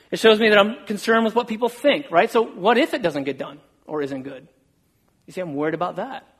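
A man's voice: on the high side, fairly bright tone. A middle-aged male pastor giving a casual, self-deprecating sermon and acting out quoted conversations.

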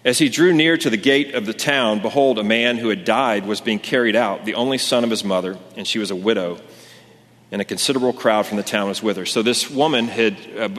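A pastor preaches to his congregation in a conversational, earnest way, often restarting his sentences. His voice is lowish, brisk, and a bit bright, and the recording carries a long hall reverb.

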